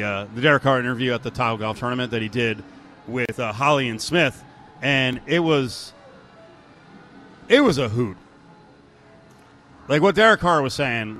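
Male sports radio co-host, mid pitch, dry joking delivery. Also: fairly bright tone. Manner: joking, sarcastic banter. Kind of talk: casual sports talk.

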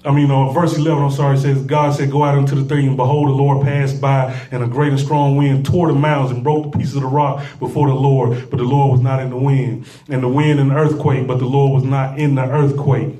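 A man preaching a sermon with call-and-response, repeating phrases and building to shouts. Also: medium pitch, level tone, a little fast, hardly any pauses, far from the mic. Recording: echoey room, voice off-mic.

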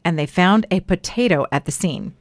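A woman's voice: lowish voice, moderate pace, dry recording. A woman co-hosting a radio morning show, reading light news items with upbeat, laughing banter. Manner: upbeat, laughs often, lively delivery.

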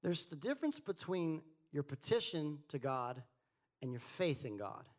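A man preaching a sermon, swinging between quiet asides and animated, rising delivery. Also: normal speed. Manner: animated preaching, rising and falling in pitch and volume. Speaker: pastor.

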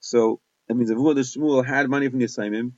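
A man's voice: medium pitch, fairly even intonation, a little fast, darkish tone, dry recording. A man teaching a Talmud lesson, reading Aramaic phrases and explaining them in plain English with small hesitations. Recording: dull, dry close recording.

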